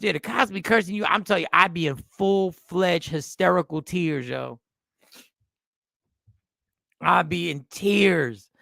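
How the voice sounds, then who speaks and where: Man, livestream host, joking and rambling, high voice, gravelly, dry close recording. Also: dry recording. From Puerto Rican background. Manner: animated, joking, rambling with restarts. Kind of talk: casual livestream commentary.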